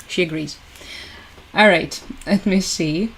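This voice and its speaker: A woman's voice: lowish voice, moderate pace. A woman hosting a casual livestream from home, chatty and sarcastic, laughing often. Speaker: livestream host. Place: at home with her dog.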